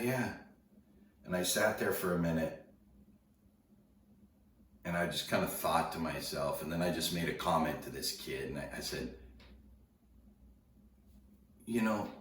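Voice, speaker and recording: Man, extremely deep voice, rambling storyteller, roomy echo, distant mic. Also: fairly bright tone, a little hiss or hum. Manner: rambling, conversational, with repeated restarts and quoted dialogue. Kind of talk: casual storytelling. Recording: echoey room heard from a distance.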